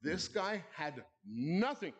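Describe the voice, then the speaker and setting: Speaking slowly in a sing-song way, a man with a fairly high, breathy-edged voice hosts an awards ceremony at a live club-hall event. He tells a comic story as a monologue, sprinkling in playful comments to the audience.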